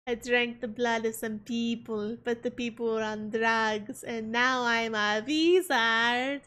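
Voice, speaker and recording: A woman voicing a pompous old-world male vampire with a grand, drawn-out delivery. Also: on the high side, fairly even intonation, fairly bright tone, clean tone. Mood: grandiose.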